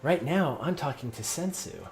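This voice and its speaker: A game master voicing a secretive female undercover agent who speaks in a calm, measured way. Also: mid-range voice, creaky, soft background music.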